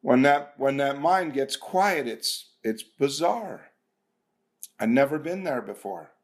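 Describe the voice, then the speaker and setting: A man's voice: mid-range voice, lively intonation, takes it slowly. A man giving a personal talk to a recovery meeting, earnest and conversational, with self-mocking asides.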